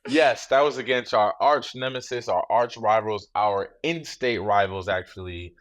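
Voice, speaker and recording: A former football player in his thirties appears as a guest in a relaxed interview, speaking in a low, measured and reflective voice and often saying "you know." The recording is close and dry.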